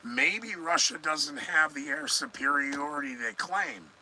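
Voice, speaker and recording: A man's voice: a little high, unhurried, pushed and bright, slight background noise, rough recording. Sarcastic rambling podcast host, man. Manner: sarcastic, rambling, talks back to viewers. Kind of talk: live news commentary podcast.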